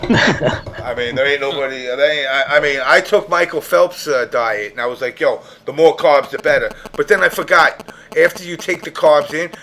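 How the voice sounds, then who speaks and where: A man hosting a podcast group call, loud, joking and profane in casual chat. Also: fairly high pitch, normal speed. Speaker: podcast host.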